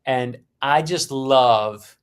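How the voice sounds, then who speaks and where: A man in his fifties from Brooklyn, a guest author telling stories on a podcast and acting out the dialogue with lively energy. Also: medium pitch, extremely slow, clean tone. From Brooklyn, New York. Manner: animated storyteller acting out quoted dialogue. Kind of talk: storytelling in a podcast interview.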